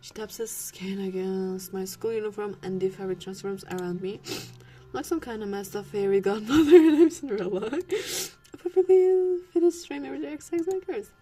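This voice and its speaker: A woman's voice: mid-range voice, normal speed, mellow. A young woman reading a dating sim aloud and reacting between lines, playful and giggly. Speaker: gameplay streamer.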